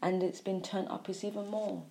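A woman giving a spiritual monologue, repeating phrases in a preachy way, sighing and swinging between soft and loud. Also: mid-range voice, flat delivery, normal speed, creaky. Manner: repetitive, preachy, with sighs and emphatic swings in loudness. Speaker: spiritual speaker.

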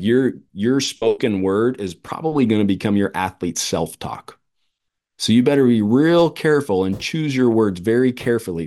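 A man with a fairly low voice speaks as a podcast guest. He thinks out loud about coaching, leaning heavily on fillers as he builds his point. His delivery is relaxed and conversational. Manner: reflective, filler-heavy. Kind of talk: casual interview conversation.

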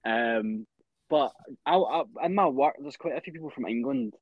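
A young man with a Scottish accent, co-hosting a podcast, talking fast and running his words together. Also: mid-range voice, animated, no echo, narrow, tinny audio. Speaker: podcast co-host. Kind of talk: casual chat.

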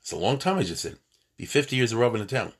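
A man's voice: medium pitch, lively intonation, quick pace, slightly rough. A man giving an informal history lecture, conversational and full of rhetorical questions and Yiddish terms. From United States.

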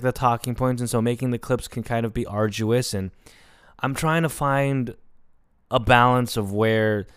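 A man's voice: fairly low pitch, clean tone, dry recording. Young male podcast host, reflective solo monologue, casual swearing, resonant tone, dry studio sound. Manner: candid, rambling, swears casually.

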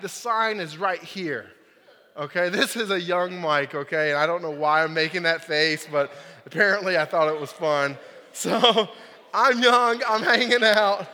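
Speaking in a high, pushed, bright voice, a young man serving as youth pastor jokes his way through a personal story in a casual sermon, peppered with "like" and "right?". The recording carries the long reverb of a big hall.

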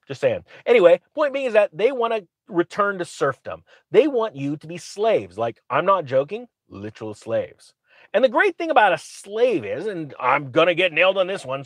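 Sarcastic man with a lively, rising voice. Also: fairly high pitch, no echo. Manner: sarcastic, acts out quotes in mocking voices. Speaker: commentator. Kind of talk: opinionated commentary.

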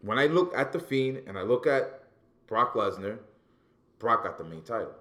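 A man in casual, animated, profane chat about wrestling as a podcast co-host, often repeating words as he gets going. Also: mid-range voice, moderate pace.

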